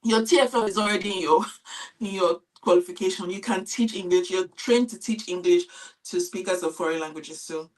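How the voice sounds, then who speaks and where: A woman's voice: on the low side, fairly quick, darkish tone, distant mic, poor audio. A middle-aged woman teacher on a live-stream panel, giving earnest, explanatory advice about teaching abroad. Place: lives in England.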